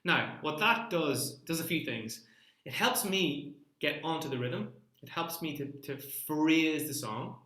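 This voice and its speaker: A man's voice: on the high side, unhurried, pushed and bright, echoey room. A man teaching an online singing lesson, coaching vowels and rhythm with sung examples.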